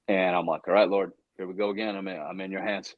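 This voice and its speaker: On an interview show, an actor tells an animated story fast in a low voice, playing out what he was thinking and stumbling over restarts. He stammers when excited, and the sound is phone-quality with no room sound.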